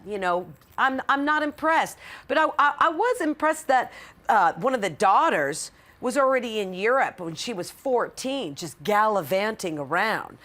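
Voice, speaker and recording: A woman co-hosting a casual TV recap chat with sarcastic, deadpan remarks. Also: on the high side, moderate pace. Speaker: co-host.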